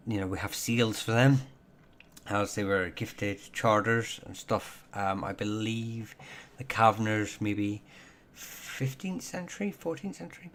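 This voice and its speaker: Low-voiced man hosting a hesitant live Q&A. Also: fairly bright tone. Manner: hesitant, full of ums and self-corrections. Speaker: livestream host answering viewer questions on Irish surnames. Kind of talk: casual live Q&A chat.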